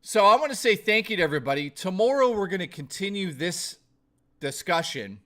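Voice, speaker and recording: A man's voice: high-pitched, big pitch swings, a little fast, sharp tone. A man hosting a casual live stream, rambling and thanking viewers, his voice strained and fading. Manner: rambling, thanks chat by name. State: losing his voice.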